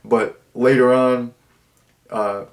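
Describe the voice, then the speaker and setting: A man's voice: mid-range voice, steady tone, slow pace. A man giving a casual spoken movie review, rambling, with many fillers and false starts. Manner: rambling, full of fillers and restarts.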